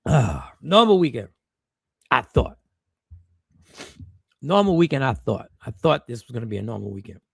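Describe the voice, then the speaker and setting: A man's voice: medium pitch, sing-song, moderate pace, creaky, pauses often, husky, no room sound, studio quality. A man, a stand-up comedian, telling a personal story to viewers in a loose, rambling way with slang and restarts. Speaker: stand-up comedian and stream host.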